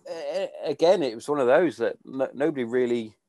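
A man's voice: mid-range voice, a little fast, warm tone, no echo. A man hosting a podcast in casual conversation, swearing freely and trailing off mid-sentence. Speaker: podcast host.

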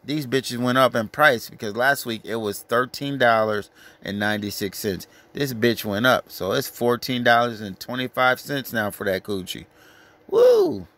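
A man preaching in a blunt, profane rant, lecturing his listeners hard. He reads out verses slowly and with weight, then snaps back into crude street talk. His voice sits at an ordinary middle pitch. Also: fairly bright tone.

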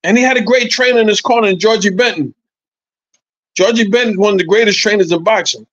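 A man in his sixties, a former boxer, telling animated, profane stories as a podcast guest, repeating his points. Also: high voice, fast talker, dry recording, dull audio. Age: 60s. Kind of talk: casual podcast chat.

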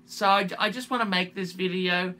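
A man making a direct-to-camera apology video as a YouTuber, halting and repetitive, often restarting his phrases. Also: sits high, fairly even intonation, pushed and bright.

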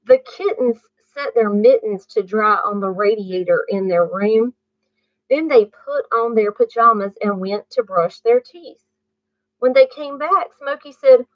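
A woman reading a bedtime story aloud to children, pausing to ask the listener questions. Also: on the high side, lively intonation, no echo. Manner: slow, asks the listener questions. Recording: muffled dry recording.

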